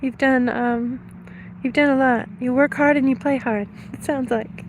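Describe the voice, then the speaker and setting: Walking outdoors, a middle-aged woman with a high voice chats live with her viewers, slightly winded and quick to laugh as she reads out names and thanks people in a friendly, rambling manner. Her tone stays steady, and faint outdoor noise lies beneath her phone-mic audio.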